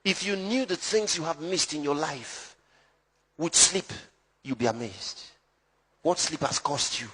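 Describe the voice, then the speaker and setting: A man preaching a sermon as pastor, emphatic, swinging between loud shouts and low hushed lines. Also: unhurried, pauses often, breathy edge, big-room sound.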